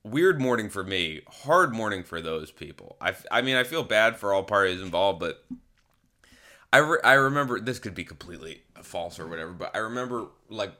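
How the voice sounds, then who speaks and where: A man's voice: on the low side, animated, brisk, pushed and bright. A man hosting a podcast, telling a story casually and rambling, often correcting himself mid-sentence. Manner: rambling, self-correcting, candid. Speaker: podcast host. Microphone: phone camera.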